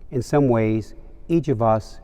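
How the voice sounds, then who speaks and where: A man giving a genial Sunday homily as a priest, telling a story in a calm, measured way. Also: medium pitch, smooth. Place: large cathedral. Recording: long cathedral reverb.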